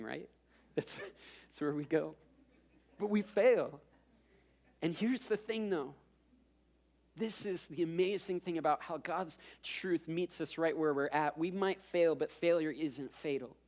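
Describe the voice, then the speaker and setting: Guy preaching a sermon, chatty storyteller, kinda higher voice, stumbles and repeats words. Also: vocal fry. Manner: conversational storytelling with self-deprecating asides; repeats words when building up. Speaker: pastor.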